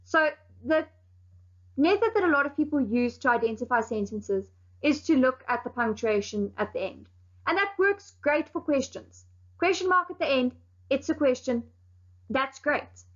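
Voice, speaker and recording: A woman teacher giving a recorded grammar lesson to fifth graders, explaining clearly and stressing key words. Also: high-pitched, lively intonation, a bit bright. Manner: clear, explaining slowly with firm emphasis. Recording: dull lo-fi sound.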